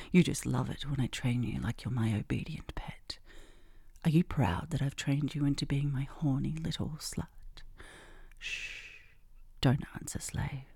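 A woman in a whispered role-play, speaking in a breathy whisper with a slow, commanding, teasing manner. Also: low-pitched, warm tone, dry recording, studio quality. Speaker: hypnosis role-play performer.

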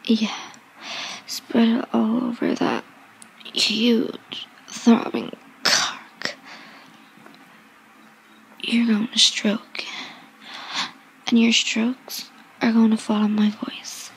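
A woman in a whispered role-play, teasing and giving slow, commanding instructions. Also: fairly high pitch, level tone, vocal fry, rough recording.

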